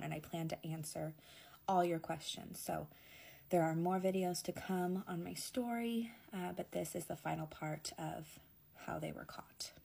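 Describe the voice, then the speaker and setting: A young woman telling a personal story in a soft, often near-whispered and emotional voice. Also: fairly low pitch, vocal fry.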